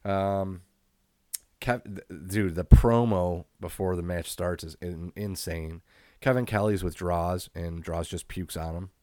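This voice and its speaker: A man's voice: low voice, steady tone, unhurried, dark tone, no room sound, clean studio sound. A man co-hosting a podcast, recapping old wrestling shows in a laid-back, profane way and laughing often. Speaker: podcast co-host. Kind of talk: casual wrestling recap chat.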